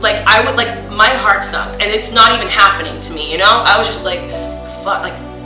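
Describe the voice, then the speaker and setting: A woman's voice: medium pitch, normal speed. A young woman joining a friend's vlog, chiming in emphatically with her own side of the story. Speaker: friend and co-host. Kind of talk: casual chat. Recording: echoey room with music behind.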